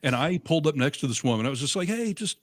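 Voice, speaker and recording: A middle-aged man in casual chat, telling stories with animated, acted-out quotes. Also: medium pitch, rapid-fire, noisy background. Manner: animated storyteller, acts out quotes. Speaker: co-host.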